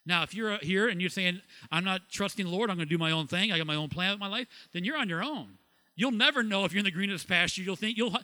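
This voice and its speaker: A middle-aged man from Ohio preaching a sermon as pastor, lively, asking questions and laughing at himself. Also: sits high. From Ohio, USA.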